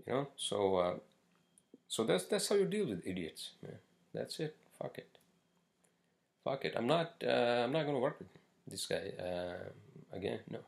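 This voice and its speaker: A man's voice: medium pitch, big pitch swings, normal speed, creaky, long pauses. A man hosting a casual solo podcast, ranting bluntly with lots of swearing and filler words. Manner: blunt, profane, rambling with many fillers. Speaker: podcast host.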